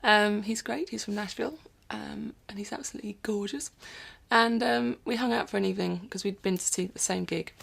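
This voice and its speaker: A woman's voice: mid-range voice, a little fast, gravelly, hardly any pauses, husky. A woman musician rambling casually in a video diary from her recording studio, often dropping into whispered asides.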